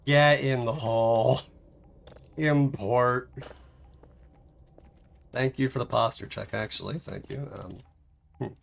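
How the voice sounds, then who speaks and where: A man's voice: medium pitch, steady tone, slow pace, vocal fry, long pauses, slight background noise. A man streaming a game live, chatting casually in a rambling, self-mocking way and laughing often.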